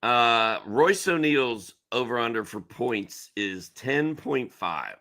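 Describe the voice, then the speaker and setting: A man's voice: medium pitch, animated, slow, pushed and bright. A man co-hosting a fantasy basketball betting show, laid-back and confident in casual chat. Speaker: co-host.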